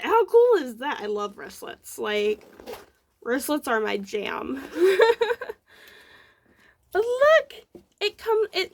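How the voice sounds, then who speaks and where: Casting a young woman, high voice, unhurried, excitable rambling crafting chat. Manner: bubbly, rambling, many fillers, excited gushing. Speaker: knitting podcast host. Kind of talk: casual show-and-tell chat.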